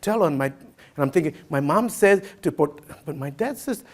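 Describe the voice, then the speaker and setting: A man giving a storytelling keynote speech, animated, mixing Spanish phrases into his English. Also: a little high, moderate pace. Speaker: keynote speaker.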